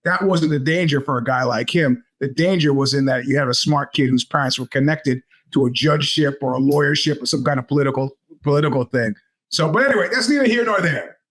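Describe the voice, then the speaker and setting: Rambling middle-aged New man, slightly high. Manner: rambling storyteller with many restarts and fillers. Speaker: podcast host. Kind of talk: casual monologue.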